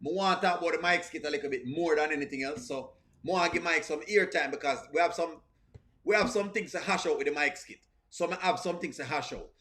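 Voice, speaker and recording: Animated high-voiced male stream host. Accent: strong non-standard English accent. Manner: animated, repeats himself, greets chat. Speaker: reaction channel host. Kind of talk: live-stream reaction commentary.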